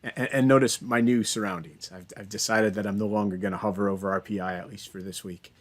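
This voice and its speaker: A man's voice: lowish voice, fairly even intonation, fast talker. Guy lecturing college class on a video call from home, chatty, keeps restarting sentences, corny jokes.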